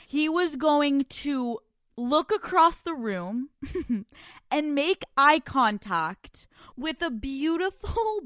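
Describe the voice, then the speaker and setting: A young woman hosts her podcast with a fairly high voice. She tells a story in a loose, profane rush, laughs often and acts out every quote, close on a studio mic in a dry, deadened room. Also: a bit bright, no room sound. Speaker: podcast host. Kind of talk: casual storytelling monologue.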